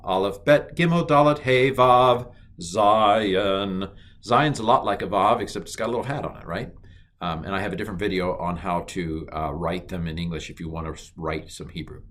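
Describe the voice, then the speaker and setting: A man teaching a recorded language lesson, chatty, reciting letters slowly and cracking mild jokes. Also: fairly low pitch, fairly bright tone.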